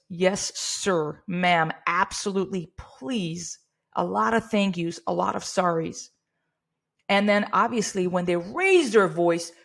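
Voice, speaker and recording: A middle-aged woman speaks as a business owner coaching her employees. Her delivery is earnest and steady, the tone of someone who has handled hundreds of hard calls. She lightly acts out polite customer-service phrases to show how it's done. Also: medium pitch, gravelly. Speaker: business owner training staff. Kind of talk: workplace training talk.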